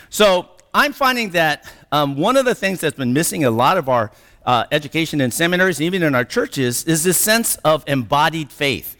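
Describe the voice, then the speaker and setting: A man's voice: on the high side, lively intonation, normal speed, bright, forceful tone. A middle-aged man giving an anecdotal lecture-style talk, often checking in with "okay?" and "right?" and laughing through his stories. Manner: laughs while telling stories. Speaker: presenter. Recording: reverberant hall sound.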